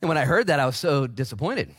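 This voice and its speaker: A man in his forties preaching a casual, energetic sermon as pastor in a church, with big swings in pitch. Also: quick pace, slightly rough, no echo, studio quality. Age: 40s.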